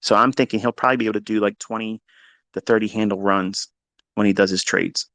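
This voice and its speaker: A trading mentor gives an unscripted motivational lecture, blunt and foul-mouthed, sinking into low mutters before bursting out loud and emphatic. His tone is steady, he talks fast, and there's no echo.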